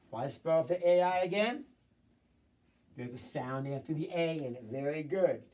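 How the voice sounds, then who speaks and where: Man, phonics teacher, encouraging, slow sounding out, slightly distant mic. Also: fairly high pitch, expressive, a little mellow. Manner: encouraging, prompting, sounds words out slowly. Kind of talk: recorded remote phonics lesson.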